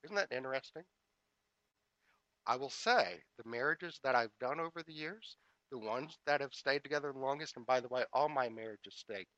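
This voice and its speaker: A man preaching a spiritual sermon as a minister, in a measured, repetitive cadence that builds to emphatic rises when he tells a story. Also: mid-range voice, bright, forceful tone, no echo, dull audio.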